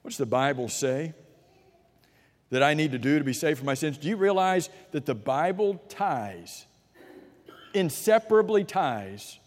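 A man preaches a sermon in an expressive, slightly slow delivery, answering his own rhetorical questions. He moves between loud, rising emphasis and hushed, low asides, and his voice trails off in a long reverb tail.

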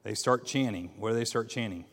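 A man teaching a Bible class, reading scripture aloud in a halting way with many fillers and restarts, and asking his class questions. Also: on the low side. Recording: long reverb in a hall.

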